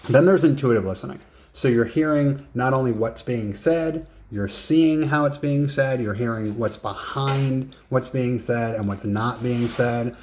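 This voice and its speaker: A man's voice: mid-range voice, a little slow, a little mellow, slight background noise. A man coaching in a casual, conversational lesson, emphatic and given to joking asides. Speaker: business and life coach.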